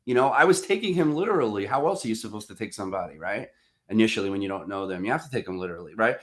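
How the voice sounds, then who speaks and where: A man's voice: fairly low pitch, lively intonation, racing, a bit bright. A man, chatting casually on a podcast and acting out both sides of his phone calls. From Staten Island, New York. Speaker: podcast guest, sales rep. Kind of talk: casual chat, storytelling.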